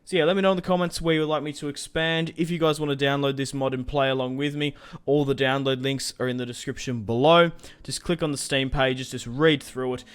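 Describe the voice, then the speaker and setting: A man's voice: mid-range voice, steady tone, brisk, few pauses, smooth. A young man giving casual, rambling commentary on a strategy game, thinking aloud with fillers. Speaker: gaming YouTuber.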